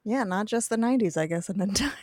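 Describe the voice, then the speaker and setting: A woman's voice: medium pitch, lively intonation, rapid-fire, darkish tone, dry recording. A woman guesting on a casual podcast, friendly and giggly as she chats.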